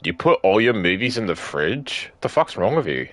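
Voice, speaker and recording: A young man with a very low voice, casually streaming a narrative game. He reads lines and journal entries aloud himself, drops jokes and curses, and laughs at the story. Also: sing-song, moderate pace, a bit bright. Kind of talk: casual gameplay commentary and reading dialogue aloud.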